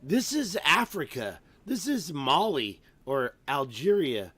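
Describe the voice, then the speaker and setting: A hoarse man who has nearly lost his voice, hosting a casual video, rambling and exclaiming with rhetorical questions as he looks at maps. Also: on the high side, big pitch swings, slow, fairly bright tone, no echo. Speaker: video host. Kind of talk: casual commentary over maps.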